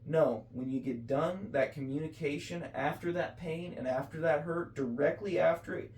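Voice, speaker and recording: A man's voice: fairly high pitch, normal speed, few pauses, darkish tone, echoey room, distant mic, a little hiss or hum. A man co-hosting a casual faith talk, speaking earnestly and preachily with many restarts and self-corrections. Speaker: podcast co-host.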